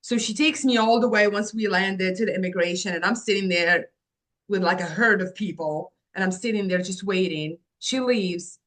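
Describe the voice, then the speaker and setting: Speaking at a middle pitch, a woman from Morocco who founded an agency recounts personal experiences as a guest in an interview. She is animated, performs the quoted dialogue herself, and restarts quickly.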